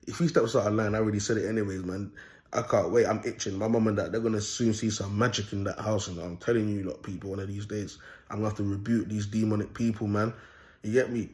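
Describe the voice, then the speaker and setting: A man's voice: lowish voice, darkish tone. Young male vlogger, casual slangy monologue, boastful, repeats himself.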